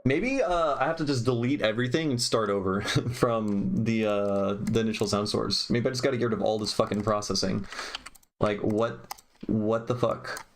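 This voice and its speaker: A man's voice: lowish voice, fairly even intonation, normal speed, slight background noise. A young man who produces music, talking to himself in exasperated, swearing mutters while he works on a mix. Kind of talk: frustrated self-talk while mixing. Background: keyboard clicks and typing.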